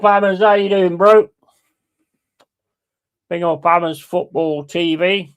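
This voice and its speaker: A man hosting a football watch-along, calling play-by-play in a blunt, excitable and heavily sweary way. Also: on the high side. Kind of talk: live match commentary.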